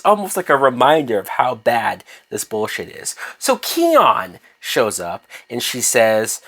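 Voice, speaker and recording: A man's voice: medium pitch, huge pitch swings, measured pace, hardly any pauses, fairly bright tone. A man reviewing a TV episode in a rant, exasperated and profane, firing off rhetorical questions. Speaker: TV show reviewer.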